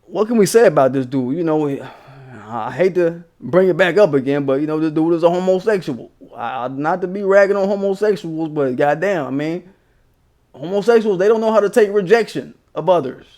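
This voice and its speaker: Brash high-voiced man, vlog commentator from Maryland, heated and profane. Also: animated, brisk, a little mellow. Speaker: commentary vlogger. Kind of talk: ranting commentary.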